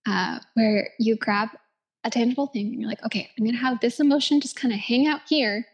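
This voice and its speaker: Chatty woman with a higher voice. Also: brisk. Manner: chatty, many "like"s, laughs easily, drops to a whisper at times. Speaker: yoga instructor. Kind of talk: casual reflective self-help talk.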